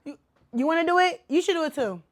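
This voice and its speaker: A woman hosting her own podcast in casual chat, animated and a little tipsy, with loud exclamations and slang. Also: very high-pitched, fast, slight background noise. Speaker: podcast host.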